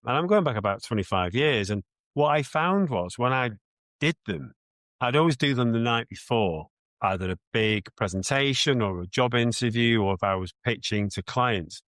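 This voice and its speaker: A man's voice: medium pitch, expressive, moderate pace, fairly bright tone, no echo. A man with a British accent, a mindset coach answering interview questions in an earnest, reflective way, often restarting his sentences.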